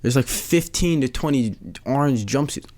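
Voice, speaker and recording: A man hosts a casual solo podcast in a medium-pitched, darkish voice at normal speed. Incredulous, he rambles and keeps repeating phrases in disbelief.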